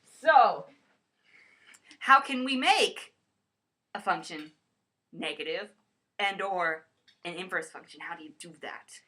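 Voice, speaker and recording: A woman's voice: fairly low pitch, expressive, slow, pauses often, pushed and bright. A woman co-hosting a playful homemade math lesson skit, rambling and stumbling over the math terms as she explains.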